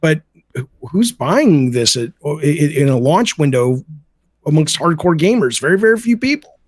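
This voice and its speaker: A man's voice: a little high, sing-song, moderate pace, no echo. Blunt, emphatic middle-aged man. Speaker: podcast guest, game developer. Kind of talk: casual podcast chat.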